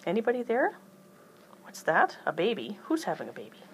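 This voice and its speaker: A woman's voice: mid-range voice, wildly swooping pitch, brisk, slight background noise, voice pushed up. A woman voicing a sleepy, middle-aged male doctor who talks in a puzzled, questioning way.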